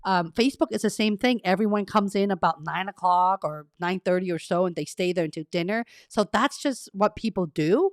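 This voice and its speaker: Speaking a little fast with few pauses, a woman with a medium-pitched voice hosts a casual live stream as a career coach, chatting with viewers, reading comments aloud, and laughing at herself. She's in a carpeted home room treated to cut echo, and the audio is studio quality with no room sound.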